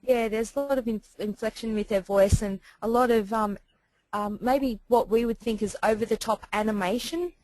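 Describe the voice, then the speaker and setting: A woman's voice: on the high side, moderate pace, a little mellow, no echo, poor audio. A woman taking part in a webinar discussion, talking in a rambling way with many restarts. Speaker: webinar participant.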